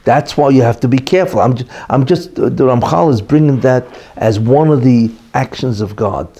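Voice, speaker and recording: A rabbi teaching a Torah class in a loose, chatty way, with "you know" every few phrases. He acts out the people in his story as he goes. His voice sits at a middle pitch with a mellow, dark tone. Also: moderate pace, breathy edge. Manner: conversational, many fillers like "you know"; acts out quoted characters in the story. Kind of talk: informal Torah lecture with storytelling.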